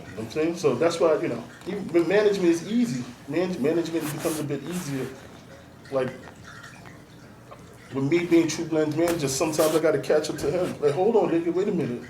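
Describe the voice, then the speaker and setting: Blunt, streetwise man, slightly high voice, slightly off-mic in a roomy space. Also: a little fast. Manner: blunt, streetwise, profane, emphatic. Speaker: artist and DJ manager, guest. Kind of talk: casual interview talk. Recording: roomy, noisy, mic at a distance.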